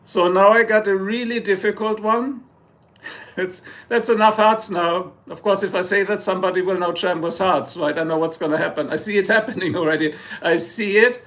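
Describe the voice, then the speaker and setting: A man's voice: sits high, steady tone, normal speed, fairly bright tone. A German man with a German accent, hosting a casual live stream, joking and rambling as he answers chat. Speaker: livestream host.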